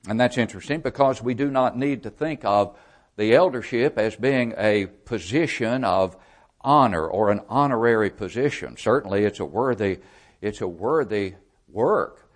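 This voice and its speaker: A man preaching an expository Bible sermon, speaking in a measured, deliberate way with frequent asides and repeated phrases. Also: medium pitch.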